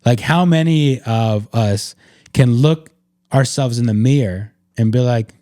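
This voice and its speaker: A man in a casual faith-based podcast talk, with a mellow, warm tone. He speaks in an earnest, reflective way, and his sentences are loose and full of "like." The sound is dry, with no room around it. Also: mid-range voice, measured pace, no echo. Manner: reflective, earnest, filler-heavy with frequent "like". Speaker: podcast host.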